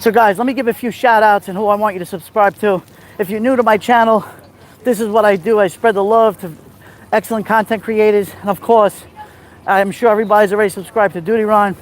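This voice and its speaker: A man with a rough voice and a Brooklyn accent, chatting casually on a live stream as he walks outdoors along a beach. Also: high voice, steady tone, fairly quick, slight background noise. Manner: chatty, gives shout-outs while walking.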